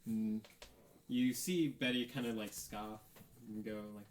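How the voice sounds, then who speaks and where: Male game master narrating, slow and halting, faint hiss on the track. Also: on the low side, fairly even intonation, a little mellow, roomy sound, low-quality recording. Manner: slow, hesitant, many fillers.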